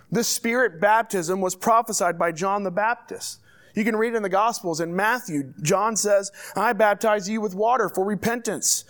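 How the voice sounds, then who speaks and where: A man's voice: sits high, fairly bright tone. A man preaching a sermon as pastor, reading scripture and urging his church in an earnest, direct way.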